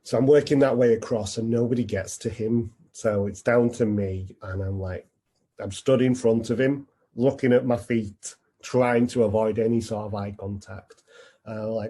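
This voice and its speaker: A man's voice: lowish voice, normal speed, mellow, husky. A man telling a personal story in an earnest, reflective talk. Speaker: speaker.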